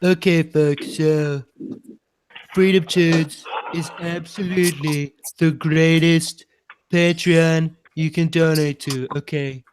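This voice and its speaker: A man putting on a boastful politician impression on a live stream, slow and repetitive in its sales-pitch boasting. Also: fairly even intonation, a little hiss or hum.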